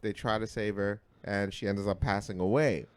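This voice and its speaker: A man co-hosting a podcast, telling a story in casual, profane, animated talk that swings between loud and mumbled. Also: on the low side, moderate pace. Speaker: podcast co-host.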